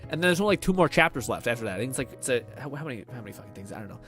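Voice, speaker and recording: A young man streaming, chatting casually with viewers in a rambling, profane way, laughing often and filling pauses with fillers. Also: medium pitch, big pitch swings, a bit bright, soft background music.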